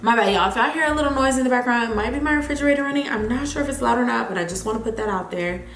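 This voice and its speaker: A young woman chatting casually while doing her makeup, retelling a story and acting out the people in it with lively repeated phrases. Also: rapid-fire, roomy sound. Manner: animated, acts out quotes with big pitch jumps, repeats phrases. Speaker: beauty vlogger. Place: home, near a running refrigerator.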